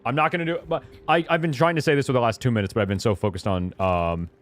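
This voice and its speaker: A young man streaming a video game, chatting casually, often interrupting himself and breaking into laughter and excited high squeals. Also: fast. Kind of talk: casual gameplay commentary.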